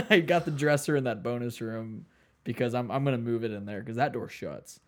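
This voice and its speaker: A man's voice: medium pitch, a little fast. Podcast co-host, man from the Midwest, rambling self-deprecating chat with lots of laughing, blanket-lined spare room. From Midwest United States. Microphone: headphones and studio mic, remote setup.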